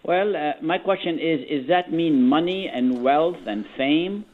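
A man with a Middle Eastern accent calls in over a thin, tinny phone line. His voice sits slightly high. He speaks politely and formally, with halting, careful phrasing. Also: a little hiss or hum. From Assyrian. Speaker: caller.

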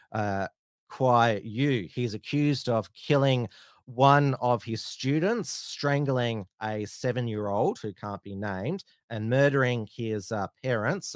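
Halting man, low voice. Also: no room sound, clean studio sound. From Australia. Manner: halting, many "uh" fillers and restarts. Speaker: news show host. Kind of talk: casual live-stream news commentary.

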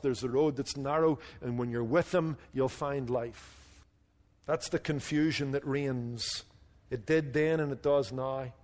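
A man preaching a sermon as pastor, earnest, dropping low and quiet on his key points. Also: in a large hall.

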